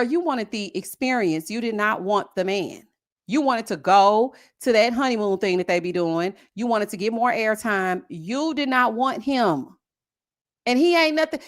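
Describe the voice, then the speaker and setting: A sassy woman with a fairly high voice gives casual commentary on a reality show. She is animated and mocking, and she drops "honey" and "girl" into nearly every line. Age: adult with a son.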